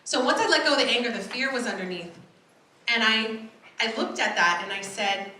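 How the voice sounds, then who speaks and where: A woman delivers an animated keynote story in a bright, fairly high voice and acts out the voices she quotes. Her words echo strongly through a large hall, heard from a distance over faint room noise. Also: normal speed. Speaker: keynote speaker. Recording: echoey hall from far off.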